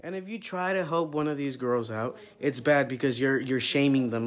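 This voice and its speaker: A young man hosting his own video, delivering a loud, heated, profanity-filled rant to camera. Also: a little high, lively intonation, normal speed, few pauses. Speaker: vlog host.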